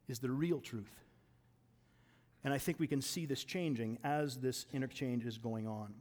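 A man preaching a sermon in a conversational way, often restarting and repeating words, and moving between raised emphasis and quiet asides. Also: medium pitch, moderate pace.

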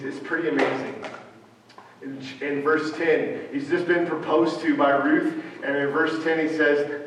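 A man preaching a sermon, halting, with frequent fillers and restarts. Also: medium pitch, a bit bright. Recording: echoey hall from far off, faint ambient noise.

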